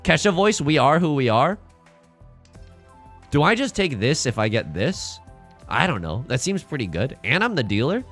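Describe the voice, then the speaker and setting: A man streaming a live card-and-tile game, commenting in a jokey, animated way with dramatic outbursts. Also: mid-range voice, normal speed, faint music behind.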